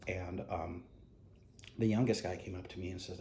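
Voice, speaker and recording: Retired cop, middle-aged man, deep voice, halting and candid, recorded in a roomy space. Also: steady tone, gravelly. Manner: halting, frank, drops soft quoted asides. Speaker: retired police officer. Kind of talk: interview storytelling. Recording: echoey room with faint noise.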